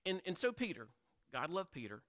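Pitched high with wide swings, this man's fairly bright voice moves along quickly as he delivers a conversational sermon. He poses questions to his listeners and performs the quotes, while a large hall's long reverb surrounds him.

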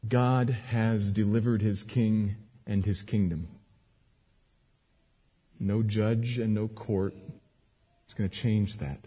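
A man preaching a sermon as a pastor, moving between quiet earnest teaching and raised, emphatic cries. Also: lowish voice, fairly even intonation, takes it slowly, long pauses, breathy edge. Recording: long hall reverb.

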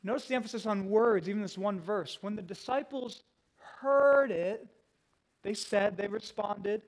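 A man's voice: high-pitched, measured pace, low-quality recording. A man preaching a sermon to a congregation, teaching verse by verse and laying out a plain outline. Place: room with a congregation.

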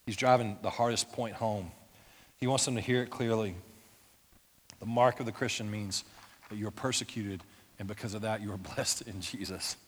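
A man's voice: on the low side, steady tone, moderate pace, pauses often, husky. Man preaching with hall reverb. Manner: emphatic preaching, swinging from loud to hushed. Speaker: pastor. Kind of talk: sermon. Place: church. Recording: echoey church hall with long reverb.

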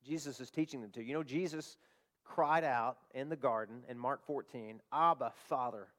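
A man preaching a sermon as pastor, his voice rising on bold declarations and dropping soft and low for prayer. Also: moderate pace. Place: church service.

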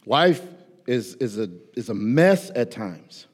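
Man, pastor, sermon, slangy, animated, raised-voice acted prayers, lingering hall echo. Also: mid-range voice, slow pace. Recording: long hall reverb.

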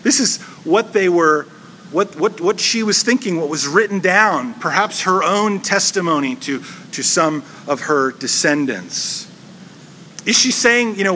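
A man of about forty preaching a chatty, joking sermon, telling a story with lively humor. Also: high-pitched, a little hiss or hum. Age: 40s. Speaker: pastor. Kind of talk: conversational sermon.

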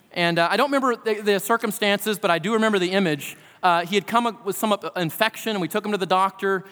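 A man's voice: high voice, fairly bright tone. A middle-aged pastor preaching a sermon, earnest and asking his listeners direct questions. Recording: long reverb of a large hall.

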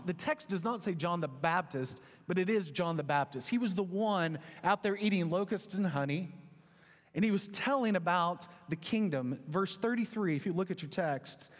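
A man in his thirties, a pastor, telling a story in an animated, conversational sermon. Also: high-pitched, normal speed. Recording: long hall reverb.

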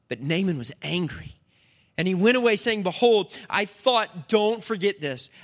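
A man preaching a sermon as pastor, telling Bible stories with lively asides and quick put-on voices for the people in them. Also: sits high. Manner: animated storytelling, jumps into voices and back.

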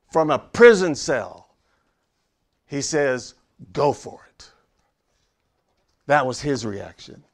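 A man with a high, gravelly voice delivers a sermon from a church pulpit. He preaches slowly and emphatically, turning to talk straight to the congregation. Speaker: pastor.

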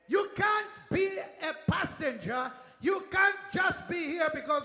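A man preaching a fervent sermon with a British accent, often shouting and calling for the congregation's response. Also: extremely high pitch, expressive, unhurried, few pauses. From Britain. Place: church. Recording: echoey church hall.

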